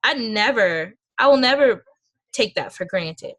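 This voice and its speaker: A woman's voice: fairly high pitch, animated, unhurried, fairly bright tone. A young woman giving an earnest, emotional motivational talk to her sales team over a video call. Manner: earnest and emotional, speaks from personal experience. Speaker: team leader speaking to a sales team. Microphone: video call microphone.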